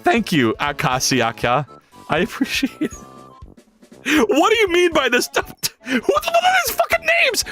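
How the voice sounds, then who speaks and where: A man live-streaming his coding work, chatting casually, rambling, swearing and joking with chat. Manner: profane, rambling and jokey, with big pitch swings.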